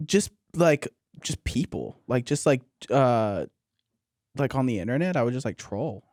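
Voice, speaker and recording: A young man co-hosting a podcast who talks in halting, stop-start bursts full of fillers. His voice swings widely up and down in pitch. The room sound is dry and close, from a studio podcast mic. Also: lively intonation, a little mellow, dry recording. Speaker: podcast co-host. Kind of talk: casual podcast chat.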